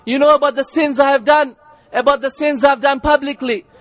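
Man playing a humble pilgrim praying, imploring, crying out, very high voice. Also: fairly even intonation, a little fast, no echo, faint music behind.

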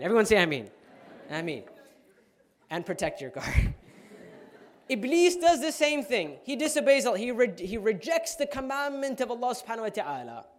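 A man speaking at a religious talk, telling a story to a live audience and often checking in with them. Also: high-pitched. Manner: animated storyteller, keeps asking "right?"; addresses listeners directly.

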